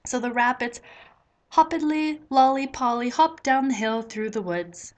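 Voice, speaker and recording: A woman reading a children's picture book aloud in a slow, gentle, expressive way. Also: fairly high pitch. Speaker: storybook reader. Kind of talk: children's story read-aloud.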